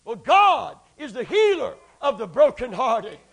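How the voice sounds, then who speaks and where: A man delivers a fervent sermon, one moment shouting and whooping, the next dropping to a hush. His voice sits unusually high and has a rough, gravelly edge. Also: big pitch swings, a little slow. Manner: swings from shouting to hushed, whooping. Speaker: preacher.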